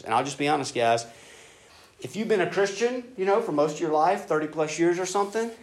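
A man preaching a sermon in a casual, animated way, acting out prayers in an excited voice. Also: medium pitch. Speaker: pastor. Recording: echoey room with faint ambient noise.

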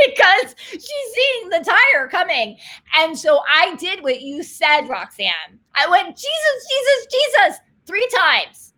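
A middle-aged woman hosting a faith talk show, telling a story with lively energy and frequent laughter. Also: very high-pitched. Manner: excited storytelling, laughs often, fast animated retelling.

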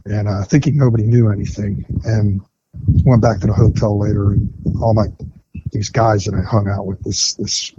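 A man's voice: on the low side, steady tone, normal speed, warm tone. Blunt middle-aged man telling a gritty story. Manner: blunt, frank storytelling with frequent fillers and restarts. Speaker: guest, retired firefighter. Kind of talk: candid personal recovery story in conversation. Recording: dull lo-fi podcast audio with faint noise.

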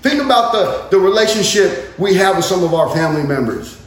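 High-voiced preacher in an echoey room. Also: male voice, expressive, a little fast. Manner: conversational preaching, acts out dialogue, frequent restarts. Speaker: pastor. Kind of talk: sermon.

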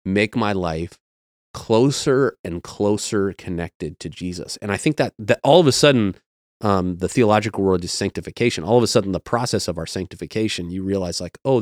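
Male pastor, podcast guest, low deep voice, dry close sound, earnest and reflective delivery. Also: a little fast, no room sound. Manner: earnest and reflective, explaining with everyday metaphors. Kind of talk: casual podcast conversation.

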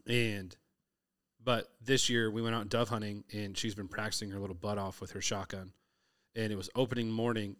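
Middle-aged man from Southern California, low voice, animated storyteller who acts out the people in his stories. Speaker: hunter telling stories. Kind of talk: casual conversation.

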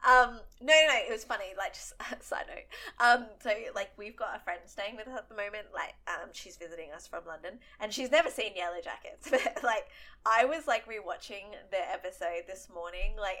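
A young woman co-hosting a casual podcast chat, excitable and quick to swear, with lots of fillers. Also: mid-range voice. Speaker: podcast co-host.

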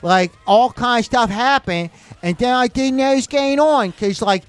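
A man's voice: very high voice, unhurried, clear, resonant tone, voice pushed up. A man putting on a rambling working-class guy with folksy, broken grammar.

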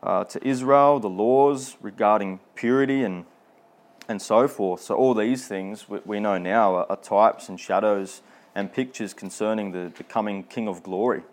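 Low-voiced man preaching a halting sermon. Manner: halting, repeats words, quotes King James scripture.

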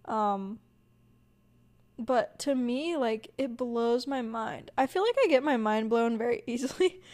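A woman's voice: fairly high pitch, unhurried, a little mellow. A young woman with a Southern US accent, hosting a podcast and chatting casually, rambling with lots of "like" and "um". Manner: rambling, filler-heavy, self-deprecating. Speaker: podcast host. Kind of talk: casual solo podcast chat.

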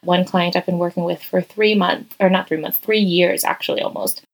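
A woman hosting her own podcast from a guest bedroom, talking casually and warmly into a close mic, full of "like" fillers and slipping into soft whispers. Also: fairly low pitch, fairly even intonation, moderate pace, vocal fry, low-quality recording. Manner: heartfelt, chatty, many "like" fillers, dips into whispers. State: teary-eyed. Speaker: podcast host and coach. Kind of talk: casual solo podcast talk. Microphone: close podcast mic, crouched over it.

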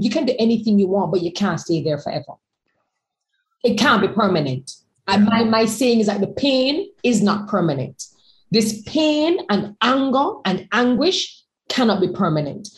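A woman's voice: medium pitch, rough recording. Emphatic woman in candid conversation. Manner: emphatic, repeats words while gathering thoughts. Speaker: guest speaker.

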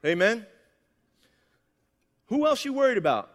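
Man preaching, high voice, animated, asks for amens, long hall echo. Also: a little slow. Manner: animated, calls for "amen". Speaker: pastor. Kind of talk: sermon.

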